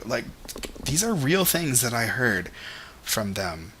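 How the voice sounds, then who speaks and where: A man's voice: mid-range voice, sing-song, slow pace, fairly bright tone, slight background noise. A young man talking in a casual vlog monologue, rambling and candid, with lots of "like" and "you know". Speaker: vlogger.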